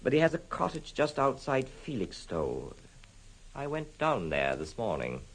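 An actor playing an anxious, formal gentleman worried about his look-alike cousin, in an old radio drama. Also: mid-range voice, huge pitch swings, a little slow, slightly rough, heavily acted, low-quality recording. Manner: hesitant, earnest, formal. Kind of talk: 1950s radio drama acting.

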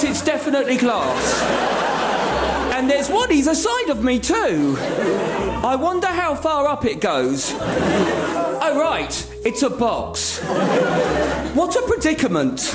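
Guy doing a high slow hammy mime professor, roomy hall with a crowd laughing. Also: exaggerated voice. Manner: slow, theatrical, narrating his own mime. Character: pompous male stage mime professor. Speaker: comedy sketch performer. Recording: roomy hall with live audience and music.

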